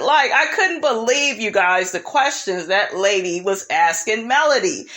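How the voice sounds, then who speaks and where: A woman with a bright, punchy voice recapping reality TV drama in a sassy, opinionated gossip style. She sprinkles "honey" and "child" through her talk and passes blunt judgment on everyone involved. Her pitch sits in an ordinary middle register. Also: expressive, moderate pace, hardly any pauses.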